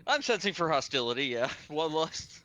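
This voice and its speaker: A man's voice: on the high side, big pitch swings, moderate pace, a bit bright. Wry man playing at a game table. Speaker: player. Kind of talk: casual chat at a game table.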